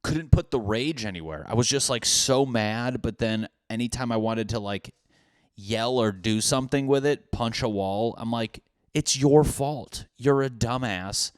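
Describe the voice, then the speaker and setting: A man's voice: medium pitch, moderate pace, smooth, no echo, clean studio sound. A young man hosting a solo comedy podcast, rambling and self-mocking, often slipping into silly put-on voices. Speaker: podcast host.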